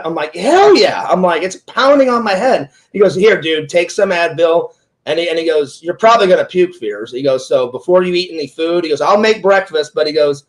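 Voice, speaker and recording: A man in his forties with a high voice, spinning a rambling casual story in an interview. He keeps slipping into quoting what his friends said, stacking "he goes" on "he goes". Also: rough recording. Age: 40s. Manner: rambling retelling full of "he goes" quotes. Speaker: interviewer and streamer.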